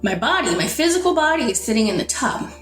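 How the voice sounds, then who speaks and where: A woman from the Netherlands, a podcast guest, telling a personal story in an animated way and acting out the dialogue. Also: high voice, quick pace. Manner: animated, acts out dialogue in quotes. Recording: roomy echo, faint music.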